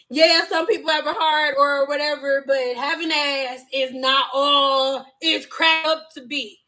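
A woman in her thirties talks straight to her viewers in a high, bright-pitched voice. Her chat is loose, frank and full of jokes and profanity. She acts out the people in her stories with lively quoted voices. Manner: animated storytelling with acted quotes. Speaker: vlogger. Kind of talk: casual chat.

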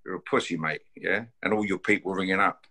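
A man's voice: low voice, a little fast, pushed and bright. A man issuing a combative challenge to camera, blunt and full of swearing, who keeps tagging his sentences with "yeah?" and "mate". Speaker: bare-knuckle fighter issuing a challenge. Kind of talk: confrontational call-out to camera.

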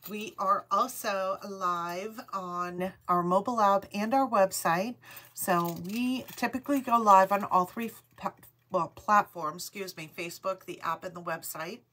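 A middle-aged woman with a Rhode Island accent hosts a live online sale in an unhurried, deliberate way. She greets viewers one by one and reads out each item number twice, with a voice pitched in the middle for a woman. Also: steady tone, bright, forceful tone. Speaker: host of a live jewelry sale. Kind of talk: live-stream sales chat.

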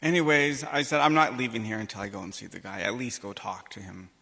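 A male priest giving a sermon, telling a personal story with animated, emphatic delivery and acting out the dialogue. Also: on the low side, quick pace, gravelly, husky. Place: church or conference hall. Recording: long hall reverb.

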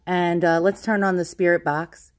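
A woman casually talking through a ghost hunting session at home, asking slow questions aloud with pauses in between. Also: lowish voice, fairly even intonation. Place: indoors at home with a dog nearby.

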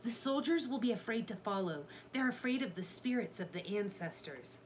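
A woman's voice: medium pitch, animated, moderate pace, slight background noise, pitched above the performer's own voice, close to an everyday voice, rough recording. A woman voicing a helpful male scholar who speaks with urgent guidance. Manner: urgent, guiding.

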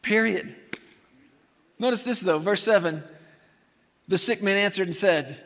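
A man preaching an animated sermon to a church, acting out scenes from the story as he goes. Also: high-pitched, measured pace, pauses often. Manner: animated preaching, acts out scenes with shouted quotes. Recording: long hall reverb.

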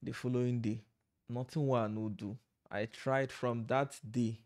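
A man's voice: mid-range voice, steady tone, unhurried, darkish tone. Rambling man vlogging at night. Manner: rambling, self-interrupting, laughs at himself. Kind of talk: casual chat to camera. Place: home room at night. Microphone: desk microphone.

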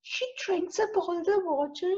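A woman voicing a sassy little female frog, reciting a rhyme in a squeaky sing-song. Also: measured pace, a little mellow. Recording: dull lo-fi recording.

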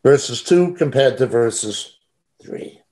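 A man's voice: medium pitch, animated, slow pace, darkish tone. A middle-aged man teaching a Bible study over a video call. He reads scripture verses aloud and follows them with emphatic comments.

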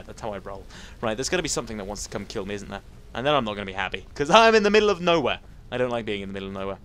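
A man giving casual, jumpy let's-play commentary, talking to enemies and reacting out loud. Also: lowish voice, gravelly, slight background noise. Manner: jumpy, excitable, talks to enemies. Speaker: gameplay commentator.

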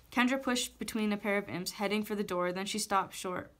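A woman teacher reads a novel chapter aloud at a mid pitch, in a steady storytelling way. The delivery stays even and plain. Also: brisk, few pauses.

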